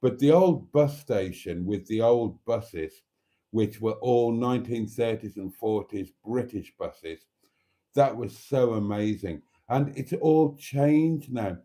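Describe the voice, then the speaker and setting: A man's voice: mid-range voice, slow, warm tone. A man hosting a live stream from his motorhome, chatting in a rambling, easygoing way and laughing easily. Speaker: channel host.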